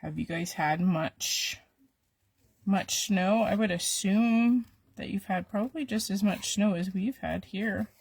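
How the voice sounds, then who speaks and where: A woman's voice: medium pitch, slow, a little mellow, slightly rough, no echo. A woman who is losing her voice, chatting to viewers while she demonstrates a craft on a live stream. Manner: talks to viewers while she works, with little asides.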